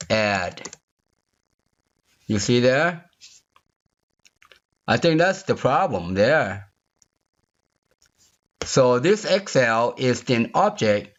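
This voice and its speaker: Slow-talking man thinking aloud at his screen. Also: medium pitch, dull audio. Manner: thinking aloud, repeats phrases, asks viewer "you see there?". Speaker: software tutorial instructor. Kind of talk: unscripted screen-recorded coding walkthrough.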